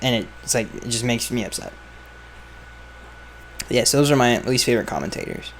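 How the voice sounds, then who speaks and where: A man with an expressive, mid-range voice at a moderate pace hosts a podcast outside among flies, casually answering fan questions. His opinions come out blunt and offhand, sentences frequently trailing away, and there's slight background noise.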